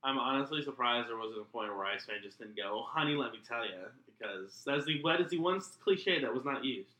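A man's voice: mid-range voice, lively intonation, brisk, pushed and bright, reverberant, rough recording. A man co-hosting a podcast, chatting casually in a sarcastic, exasperated way. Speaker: podcast co-host. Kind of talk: casual chat.

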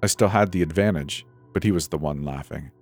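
Deep male horror narrator, measured and dramatic, soft music bed. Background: faint music.

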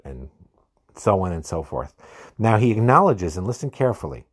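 A man hosts an informal religious self-help talk. He speaks in an unhurried, halting way, often restarting his sentences. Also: deep voice, sing-song, breathy edge. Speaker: host.

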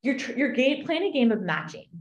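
A woman coach explaining an exercise in an animated podcast chat, acting out little voices in her examples. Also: on the high side, fairly quick, highs cut off. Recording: roomy echo.

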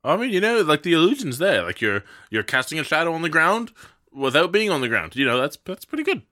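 A man playing a tabletop game, talking in a quick, rambling way. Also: on the high side, big pitch swings, pushed and bright. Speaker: player. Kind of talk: casual tabletop play.

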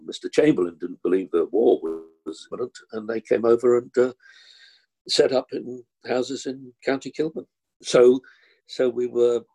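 Older actor, low gravelly husky voice, rambling anecdotal chat. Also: male voice, darkish tone. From London. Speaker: actor guest. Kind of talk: casual interview chat.

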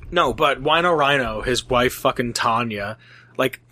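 A young man chats casually in a rambling, profane way, leaning heavily on fillers and swearing. His voice is mid-range with a sharp tone and a slightly slow pace.

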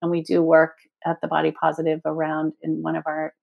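A woman's voice: low voice, completely flat delivery, a little fast, creaky, narrow, tinny audio. A woman in her sixties speaking earnestly as an interview guest, acting out inner voices with playful shifts. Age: 60s. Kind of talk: reflective interview talk.

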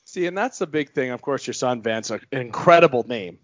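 A man's voice: animated, brisk, no echo, muffled recording. Hyped sports podcast host guy. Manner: hyped, promotional delivery with big pitch jumps. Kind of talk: sports talk show hosting.

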